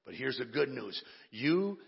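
A man's voice: mid-range voice, very animated, a little slow, gravelly, husky. A man preaching a sermon with impassioned, dramatic delivery, recorded in a church sanctuary with an echoey, dull lo-fi sound.

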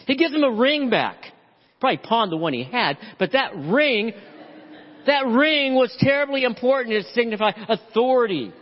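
A man preaching a sermon as pastor, animated and acting out voices in the story. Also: very high voice, normal speed. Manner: animated preaching, acts out the father's voice. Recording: dull lo-fi audio with long hall reverb.

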